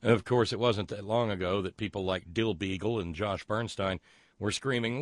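A man's voice: on the low side, normal speed, dry recording, studio quality. A man hosting a political commentary show, sarcastic and mocking as he reacts to clips.

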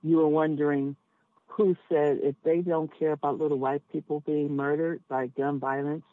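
Over a tinny, dry phone line with no room sound, a woman who drives a taxi talks candidly as a podcast guest. She's emphatic and full of asides as she thinks aloud, her voice sitting low and level at a normal speed.

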